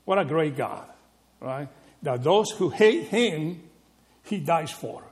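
Animated male preacher, higher voice. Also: slow. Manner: animated, rhetorical questions with frequent "right?". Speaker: pastor. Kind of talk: sermon.

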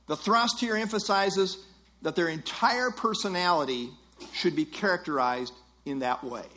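A man's voice: high voice, a bit bright. A man preaching a sermon, teaching earnestly and emphatically, acting out imagined listeners' thoughts.

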